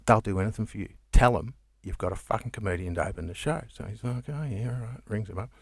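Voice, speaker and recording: An Australian man with a low, grounded voice spins long, rambling comedy stories, laughing easily and swearing without fuss. The sound is dry and close to the mic. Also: fast, gravelly, slightly rough, no room sound. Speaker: comedian guest. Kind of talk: casual storytelling chat.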